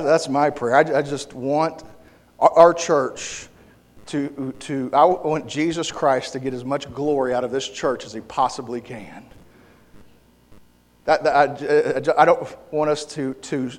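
A male pastor with a high-pitched voice delivers an impassioned sermon, often restarting and repeating words. His voice carries a long reverb from the church sanctuary.

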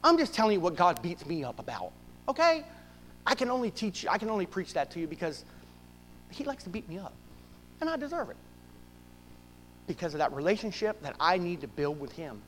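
A man preaching a sermon to his church, swinging from loud bursts to hushed asides. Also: high voice, very animated, fairly quick, long pauses, big-room sound, slight background noise, poor audio. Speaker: pastor.

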